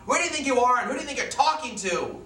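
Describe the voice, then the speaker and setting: A man's voice: very high-pitched, lively intonation, rapid-fire, a little hiss or hum, exaggerated voice. A man playing a harsh, hateful army captain who barks orders and bullies, in a stage play reading. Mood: furious. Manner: barking, bullying, shouting orders. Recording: echoey room, mic at a distance.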